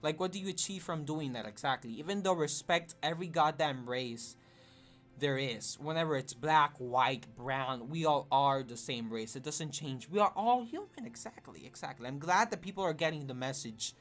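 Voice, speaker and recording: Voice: mid-range voice, moderate pace, a bit bright. A streamer speaking earnestly to a live chat, emotional and close to tears, rambling with many fillers and restarts.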